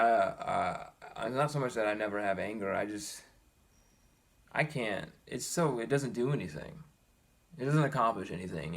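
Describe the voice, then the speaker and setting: Earnest gravelly man talking to camera. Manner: earnest, animated, rising in pitch when exasperated. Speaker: vlogger. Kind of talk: personal commentary to camera.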